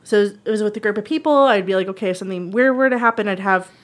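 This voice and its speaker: A woman's voice: medium pitch, rapid-fire. A woman in casual podcast chat, telling a dating story, acting out quotes and swearing freely. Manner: animated, swearing, acts out quotes.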